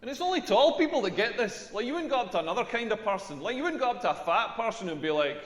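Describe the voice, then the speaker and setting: A man's voice: high-pitched, sing-song, fast. A man with a Scottish accent playing a tall, crude stand-up comedian doing a rambling, self-mocking routine. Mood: deadpan. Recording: echoey hall with long reverb.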